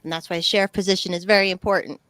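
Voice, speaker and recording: Outspoken lady contestant, lowish bright voice, dry sound, video call. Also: steady tone, rapid-fire, dry recording. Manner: blunt and outspoken. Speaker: game show contestant. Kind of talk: blunt casual answers.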